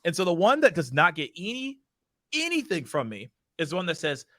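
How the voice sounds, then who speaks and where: A man hosting a sales workshop, giving advice in an energetic, joking, emphatic way. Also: sits high, moderate pace, dry recording, clean studio sound. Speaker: host. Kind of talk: casual webinar advice chat.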